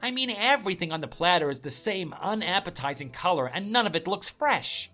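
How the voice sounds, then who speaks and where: A woman's voice: lowish voice, lively intonation, brisk, a bit bright, soft background music. A woman voicing an arrogant, contemptuous young husband who sneers and scolds his wife. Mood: sneering. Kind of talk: story drama voice acting.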